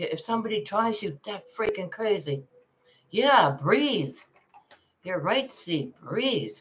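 An older woman hosting a relaxed livestream from home, her voice low and her pace unhurried. She chats and laughs easily, calling her viewers darling as she reads their comments. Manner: chatty, laughs often, calls viewers darling. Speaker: livestream host. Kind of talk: casual livestream chat reading comments.

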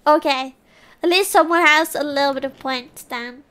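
Over faint background music, a woman with a high, slightly bright voice talks at a moderate pace during a live gameplay stream. She's giggly and laughs often, cheering or groaning at the on-screen action in casual chat.

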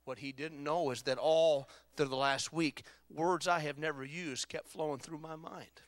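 A man preaching a sermon as pastor, swinging from loud exhortation to quiet personal storytelling. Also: fairly high pitch, fairly even intonation, moderate pace, no room sound. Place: church sanctuary.

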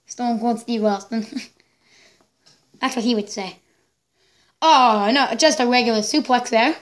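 A woman hosting a reaction video, giving excitable live commentary, exclaiming and laughing along as she watches. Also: a little high, slow pace, long pauses.

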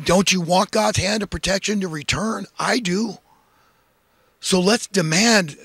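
A man's voice: high voice, creaky, a bit bright, husky, no room sound. A man delivering a preachy, impassioned monologue of social commentary, full of emphatic rhetorical questions. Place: in California.

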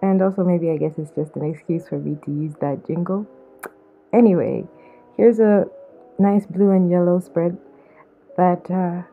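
A woman's voice: lowish voice, fairly even intonation, vocal fry, soft background music. A woman from Zambia narrating her own vlog in a casual, playful, self-mocking way. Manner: playful, self-mocking, drawn-out slang asides. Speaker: vlogger. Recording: muffled phone-like mic.

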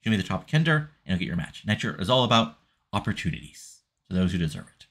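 A brash wrestling TV executive lectures about ratings and earning your shot, as read out by a man recapping his game. The voice is low and a touch husky, salesy and pushy. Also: sing-song, quick pace, a bit bright, full character voice. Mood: lecturing.

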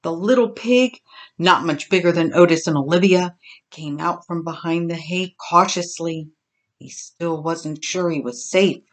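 An older woman, a grandmother, reading a children's story aloud in a gentle, expressive way. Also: lowish voice, measured pace.

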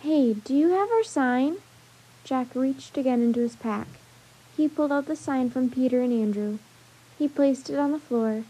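Storyteller, female, steady gentle reading of a kids' book; mellow, slightly husky. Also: sits high, low-quality recording. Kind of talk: reading a children's chapter book aloud.

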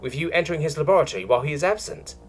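A timid robot mechanic, as a male narrator puts it on speaks in a flat, mechanical monotone, hesitant and literal-minded. The voice sits well above a man's usual pitch and stays even in delivery. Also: racing, soft background music, lightly acted.

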